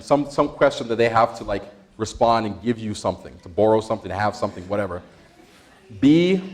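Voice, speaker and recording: A man presenting an interactive workshop, energetic, quizzing the audience and laughing often. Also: mid-range voice. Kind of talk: interactive stress-management workshop.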